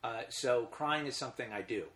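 A man's voice: mid-range voice, a little fast, a bit bright. A middle-aged man, a guest in casual conversation, telling rambling stories with emotion and frequent restarts.

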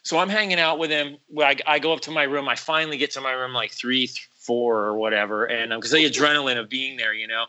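A man telling a story in casual chat, animated and acting out quotes in other voices, with lots of "like" and "bro". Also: mid-range voice, quick pace, hardly any pauses, lo-fi sound.

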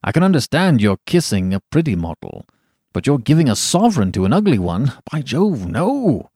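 A man's voice: medium pitch, very animated, moderate pace, warm tone, husky, no echo, clean studio sound, pitched above the performer's own voice. A man doing a teasing, worldly young painter. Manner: teasing, breezy, given to laughter.

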